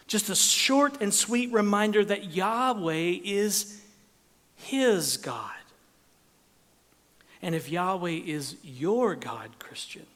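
A pastor preaches to his congregation with a slightly high voice and an unhurried pace. He moves between hushed whispers and raised emphasis. His voice carries a long reverb from a church hall. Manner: expressive preaching, drops to whispers and rises for emphasis. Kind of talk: sermon.

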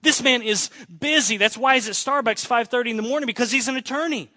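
Pastor guy preaching, high bright voice, earnest storytelling, dry close sound. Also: fast talker, no room sound. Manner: earnest storytelling, quoting a friend, shifting between excited and hushed. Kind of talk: sermon.

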